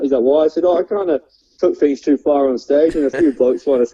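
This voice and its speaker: A man's voice: fairly high pitch, moderate pace, crowd noise. A young Australian man, a stand-up comedian, telling rambling stories with lots of fillers and frequent laughter. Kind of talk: casual storytelling chat. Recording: dull lo-fi sound.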